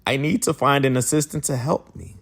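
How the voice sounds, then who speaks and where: A man voicing a flustered, overworked male pancake cook who talks in a loud rush. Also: medium pitch, lively intonation, creaky, slightly rough. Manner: rushed and loud, yelling.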